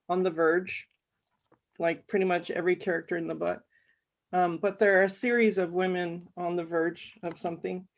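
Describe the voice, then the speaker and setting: A woman's voice: mid-range voice, darkish tone. A woman author, chatty and self-deprecating, introducing a short story before she reads it. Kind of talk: casual intro before a reading.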